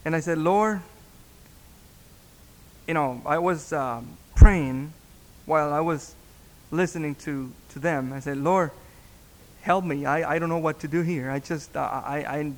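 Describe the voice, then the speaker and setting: A man, a pastor, telling a story in a sermon, halting and repeating words as he acts out the dialogue. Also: a little high. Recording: long reverb in a hall.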